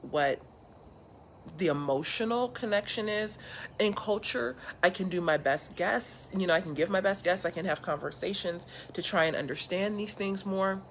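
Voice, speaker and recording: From her porch outdoors, a Californian woman shares earnestly with an online audience in a casual live chat, full of fillers and restarts. Her pitch is fairly low, and there's a slight hiss or hum.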